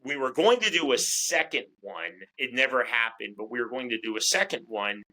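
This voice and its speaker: Bright-voiced chatty man. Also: medium pitch, lively intonation, moderate pace, rough recording. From United States. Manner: talkative, repeats words as he restarts. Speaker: fight commentator, interview guest. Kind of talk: casual interview chat.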